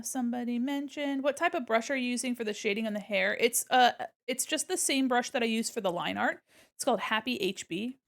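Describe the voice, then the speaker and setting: A woman's voice: fairly high pitch, expressive, a little fast, creaky. A woman streamer chatting casually with her viewers while drawing, laughing and humming to herself.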